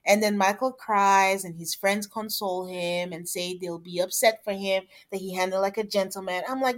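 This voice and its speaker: A woman's voice: on the low side, fairly even intonation, moderate pace. A woman co-hosting a podcast, chatting casually and retelling a reality show with quoted asides. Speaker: podcast co-host.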